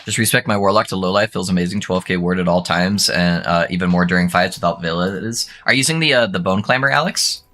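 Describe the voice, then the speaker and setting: A young adult man streaming a game, chatting casually with viewers and breaking into excited whoops and laughs. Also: sits low, quick pace, hardly any pauses. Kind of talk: casual gaming stream chat.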